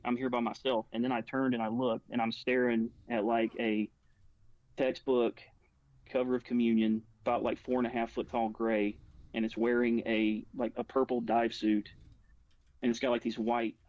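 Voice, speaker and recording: A man's voice: medium pitch, a little mellow, no echo, dull audio. A man talking as a guest, telling a personal story in a rambling way, full of "like" and restarts. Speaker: guest recounting a personal experience. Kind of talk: casual spoken storytelling.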